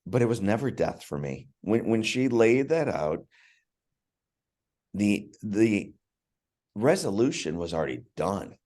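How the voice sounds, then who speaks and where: A man's voice: fairly low pitch, sing-song, measured pace, long pauses, darkish tone. A man, a podcast guest, telling a personal story in an earnest, emotional way, often restarting his words. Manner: earnest, emotional, repeats words when starting.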